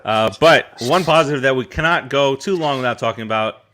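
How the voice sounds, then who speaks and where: A man hosts a loose chat show over a video call, and his voice has a bright, forward tone. He keeps the mood light, teasing his co-hosts and often breaking into laughter. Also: medium pitch, fairly quick. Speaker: show host.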